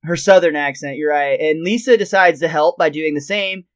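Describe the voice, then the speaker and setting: A man's voice: fairly high pitch, moderate pace. A man co-hosting a podcast, retelling a cartoon episode scene by scene in casual chat and laughing often. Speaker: podcast co-host.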